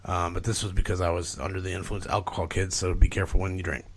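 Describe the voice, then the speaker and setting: A low-pitched man speaking at a quick pace guests on a podcast, telling a long story that wanders in casual chat. Profanity comes easily, and "like" and "you know" fill his gaps during the animated retelling.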